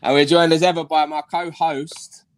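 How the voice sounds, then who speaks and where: A man's voice: fairly high pitch, little pitch movement, moderate pace, clear, resonant tone, no echo. A man hosting a casual podcast, joking and laughing easily with his guests. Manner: jokey, laughs often. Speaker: podcast host.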